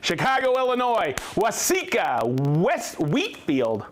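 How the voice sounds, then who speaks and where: An upbeat man hosting a live stream from a workshop, his voice sitting a little high and swinging widely in pitch. He talks in a chatty, friendly way, reading off one viewer location after another. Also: wildly swooping pitch, slow, a little hiss or hum. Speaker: host of a company livestream. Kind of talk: live product demo and viewer shout-outs.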